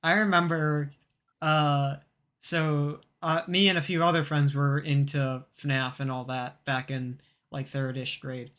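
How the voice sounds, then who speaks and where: A young man talks through a story on a podcast with a bright, forceful voice. His tone sits a little high for a man, and he rambles and restarts, filling gaps with ums and uhs. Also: level tone. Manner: rambling, halting storytelling with many fillers. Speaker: podcast co-host. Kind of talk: casual chat.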